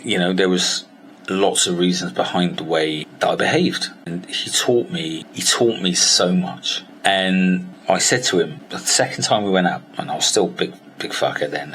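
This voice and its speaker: Low-voiced man telling a story. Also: a little hiss or hum. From Somerset, England. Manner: candid, sweary, acts out dialogue with animated voices. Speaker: weight-loss coach. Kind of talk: personal storytelling vlog.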